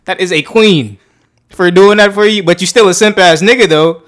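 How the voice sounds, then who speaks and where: A young man chatting casually on a podcast, teasing with quick interjections. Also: high voice, a bit bright. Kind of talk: casual chat.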